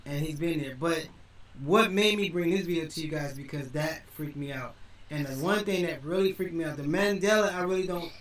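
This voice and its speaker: A man's voice: on the high side, fairly quick, echoey room, far from the mic, low-quality recording. A man hosting a reaction video, rambling casually, repeating himself and restarting his sentences.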